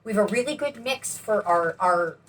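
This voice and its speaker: Co-hosting a painting channel, this woman rambles bubbily while showing how paint pouring works. Her voice sits at medium pitch with lively intonation, a fairly bright tone, and normal speed. It's picked up by a distant mic over faint background noise.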